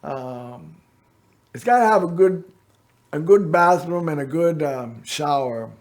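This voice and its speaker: Speaking slowly with lively intonation, this man has a voice on the high side. He's a middle-aged local access TV host who wanders through personal stories to the camera, folksy and meandering, constantly saying "you know" and "anyway."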